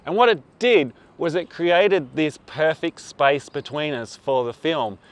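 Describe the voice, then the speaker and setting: A man's voice: mid-range voice, smooth. A man explaining filmmaking to camera in an upbeat, conversational teaching style, recorded on a lapel mic. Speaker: filmmaking tutor. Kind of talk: instructional video talk to camera.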